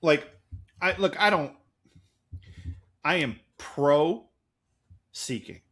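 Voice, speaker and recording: A man's voice: fairly high pitch, expressive, very slow, fairly bright tone. A man in his forties co-hosting a podcast in casual chat, rambling and jokey. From United States. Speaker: podcast co-host.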